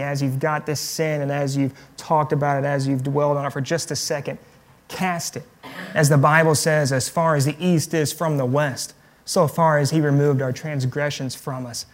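A pastor preaching a sermon on prayer, in a conversational tone with light humor. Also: male voice, fairly high pitch.

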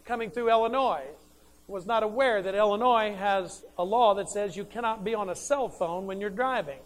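A man's voice: high voice, moderate pace. A man preaching a sermon, emphatic and conversational, who asks questions and answers them himself.

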